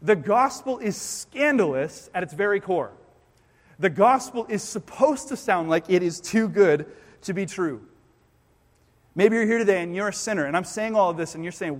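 A man preaching a sermon as pastor in a church. He swings between loud emphatic bursts and quiet low passages, and he acts out listeners' objections in quoted voices. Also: expressive, moderate pace. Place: church with a congregation. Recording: long reverb of a church hall.

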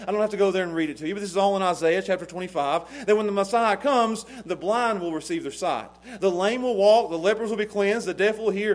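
A high-pitched, middle-aged man preaches a sermon as a pastor, moving between hushed lines and loud, emphatic ones.

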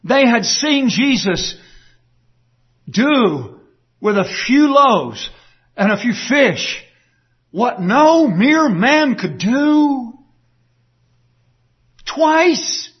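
A man delivers an earnest, emphatic sermon, pressing his listeners with rhetorical questions. His voice sits high for a man and carries a husky edge. The recording sounds dull and muffled. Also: very animated, extremely slow, long pauses. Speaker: pastor.

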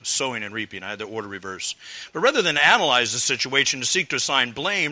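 A man preaching a sermon earnestly, rising to fervent appeals and dropping low for quoted prayers. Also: big pitch swings, fast, bright, forceful tone.

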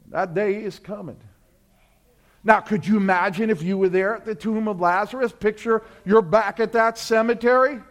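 A man preaching a sermon, telling a story and acting out voices, building from quiet asides to loud fervent climaxes. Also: high-pitched. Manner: storytelling preacher, acts out voices, swells to shouts. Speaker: pastor.

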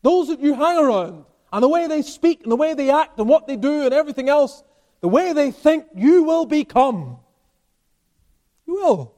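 Male pastor, high voice, emphatic expository preaching in church. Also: animated, moderate pace, a little mellow. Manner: emphatic preaching with rising and falling intensity. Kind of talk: expository sermon.

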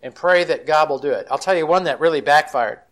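A man's voice: fairly high pitch, fast talker, fairly bright tone. Male christian counselor, folksy storyteller, slightly raised voice, chatty talk. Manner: folksy, chatty, acts out quotes. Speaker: Christian counselor and conference speaker.

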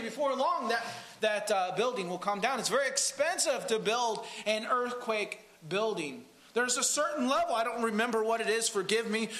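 A man's voice: very high voice, bright, forceful tone, reverberant, low-quality recording. A man preaching a sermon as pastor of a church, with an emphatic delivery that rises and falls.

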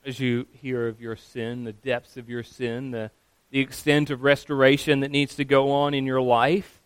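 A pastor giving a sermon, earnest and steady, sometimes acting out quoted voices. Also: male voice, mid-range voice, moderate pace, clean tone, no room sound.

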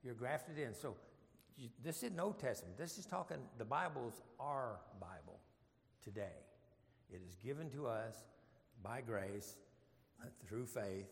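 A man's voice: on the low side, vocal fry, big-room sound. A man leading an informal Bible study, folksy and joking, with rambling asides.

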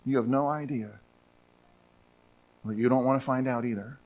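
A man's voice: mid-range voice, steady tone, moderate pace, muffled recording. Earnest male pastor preaching. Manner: earnest, repeats words for emphasis. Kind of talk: sermon. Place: church sanctuary.

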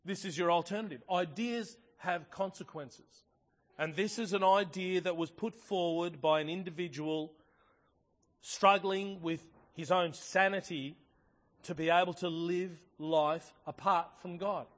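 A man delivers a sermon in a slightly high voice, earnest and emphatic, pressing each point home. His words ring out with a long, lingering reverb of a large hall. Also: steady tone, measured pace. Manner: earnest, emphatic, building to forceful readings. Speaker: preacher.

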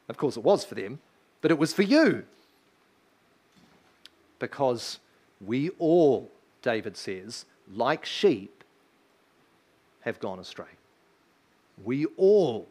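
Emphatic preacher man, higher voice. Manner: emphatic, asks the congregation rhetorical questions. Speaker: pastor. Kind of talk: sermon. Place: church.

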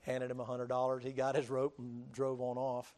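A man preaching a storytelling sermon, folksy and animated, acting out voices and breaking into sudden loud bursts. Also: mid-range voice, moderate pace.

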